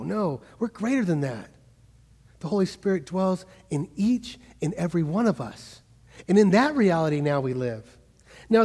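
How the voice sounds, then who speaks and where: High-voiced man preaching in a reverberant church. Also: a little mellow. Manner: conversational, asks the congregation questions. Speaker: guest preacher. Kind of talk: sermon. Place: church sanctuary.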